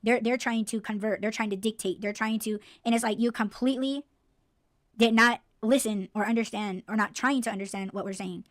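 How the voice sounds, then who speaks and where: A woman's voice: fairly high pitch, steady tone, fairly quick, no room sound, clean studio sound. A woman hosting a podcast, ranting bluntly and swearing freely in a casual, heated way. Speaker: podcast host.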